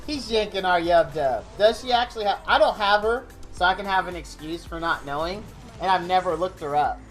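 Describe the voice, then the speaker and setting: A man live-streaming a game, rambling excitably and thanking viewers in chat by name. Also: sits high, brisk. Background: faint game music.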